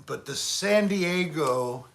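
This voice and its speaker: A man's voice: a little high, expressive, slow, fairly bright tone, a little hiss or hum. A man hosting a casual livestream chat, joking and trying bad accents when asked. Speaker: host.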